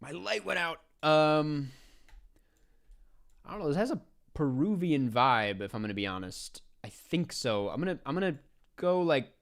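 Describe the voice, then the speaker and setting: A man hosting, thinking aloud and swearing softly as he plays a geography guessing game, into a close desk mic. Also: a little high, expressive, normal speed, gravelly. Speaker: podcast host playing a geography guessing game. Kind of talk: casual gameplay commentary.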